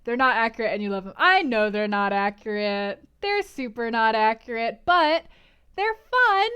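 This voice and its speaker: Bubbly girl reading a book to her stream, kinda high voice, super clean sound. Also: lively intonation, normal speed, fairly bright tone, smooth. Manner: bubbly, giggly, chatty with viewers. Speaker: streamer reading a novel aloud. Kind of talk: casual stream chat and read-aloud narration.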